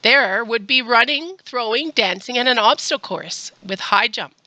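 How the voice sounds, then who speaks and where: A woman's voice: on the high side, expressive, moderate pace, sharp tone, no echo. A woman librarian leading a children's storytime, reading a picture book aloud and asking the children coaxing questions.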